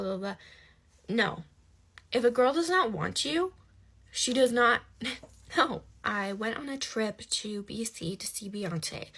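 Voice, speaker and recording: A woman telling a personal story in a casual, animated and exasperated way. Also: mid-range voice, vocal fry, husky.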